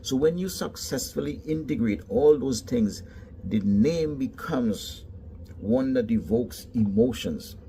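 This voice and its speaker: A man's voice: medium pitch, expressive, slow pace, warm tone, a little hiss or hum. A man from the Caribbean with a Caribbean English accent, telling stories emphatically in a casual monologue.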